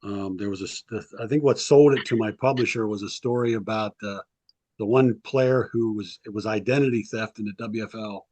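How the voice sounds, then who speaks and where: A man's voice: fairly low pitch, a little fast, warm tone, dry recording. Rambling man spinning old stories, dry sound. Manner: rambling anecdotes with frequent ums, acts out quotes. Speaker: sports historian and author, guest. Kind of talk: casual storytelling interview.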